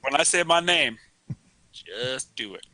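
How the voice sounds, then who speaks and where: A man's voice: mid-range voice, expressive, a little slow, pushed and bright, dry recording, poor audio. A man co-hosting a casual real estate talk show, joking and laughing often. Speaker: co-host. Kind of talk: casual banter.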